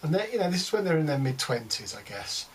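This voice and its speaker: A man's voice: fairly high pitch, sing-song, quick pace, recorded from a distance, poor audio. Guy rambling thru a book review, lots of um and you know, a bit off-mic with faint hiss. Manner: rambling, many fillers and restarts, blunt opinions. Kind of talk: casual spoken book review.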